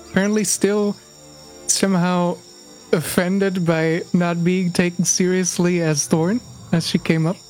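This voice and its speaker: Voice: medium pitch, rough recording. Player describing their character, medium voice, a bit wry. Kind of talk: describing a character's actions at a tabletop game.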